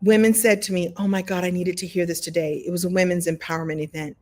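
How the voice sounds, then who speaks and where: A woman teaching a live online storytelling workshop, talking in an animated, conversational way with many repetitions. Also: medium pitch, quick pace. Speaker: story coach. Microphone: video call.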